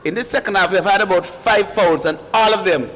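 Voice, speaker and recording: A man co-commentating a live football match, emphatic and repetitive, loud at big moments. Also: sits high, brisk, in a large hall, a little hiss or hum. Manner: emphatic, repeats phrases, gets loud at goals. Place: stadium commentary position.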